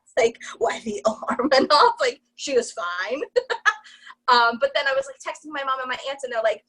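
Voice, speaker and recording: A young woman, a new mom, guest on a casual podcast, telling stories in an animated way with lots of fillers and laughter. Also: high-pitched, moderate pace, poor audio. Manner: animated storytelling, many "like" fillers, laughs often.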